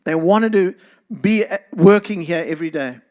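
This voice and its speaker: A man's voice: sits high, normal speed, a little mellow. A middle-aged man with a South African accent, giving an earnest talk to a church congregation and speaking to listeners by name. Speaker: guest speaker.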